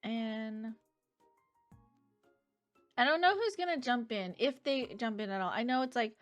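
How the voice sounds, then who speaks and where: A woman's voice: on the high side, lively intonation, unhurried, faint music behind. A young woman streaming live, chatting casually with her viewers and reading out their messages between bursts of giggling. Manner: chatty, reads chat aloud, giggly.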